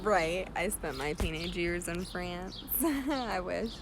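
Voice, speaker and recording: A woman's voice: on the low side, slow, background noise. A woman with a British accent chatting casually on a livestream at home, answering viewers' comments while she works on a craft. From Chile. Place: at home, partly in a yard.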